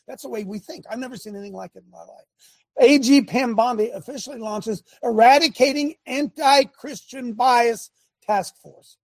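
Gravelly, excitable male talk show host. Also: extremely high pitch, normal speed, no echo. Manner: excitable, rambling, shouting asides. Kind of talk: fiery political and religious commentary.

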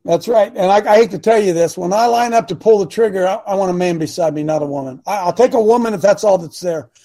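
This radio host, a man in his 60s, runs a call-in talk show with a high, dark-toned voice and talks fast. His style is folksy and preachy, and he performs the voices of whoever he's quoting.

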